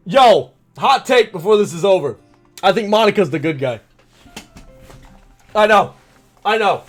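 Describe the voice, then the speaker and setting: A woman streaming a game, rambling excitedly as she theorizes about the story. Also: medium pitch, unhurried, pauses often, faint music behind. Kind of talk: let's play commentary.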